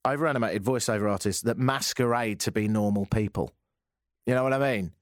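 A man hosting a radio talk show, reading listener texts with wry, animated commentary. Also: lowish voice, a little fast, no echo, studio quality. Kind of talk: casual radio call-in chat.

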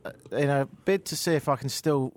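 A middle-aged radio host in casual talk, dry and self-mocking, with a rambling delivery. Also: male voice, medium pitch, fairly quick. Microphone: studio mic.

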